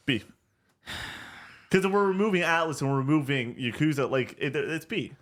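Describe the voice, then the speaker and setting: A man co-hosting a casual gaming podcast, animated and excitable, swearing and stumbling over his words. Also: fairly high pitch, normal speed. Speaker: podcast co-host.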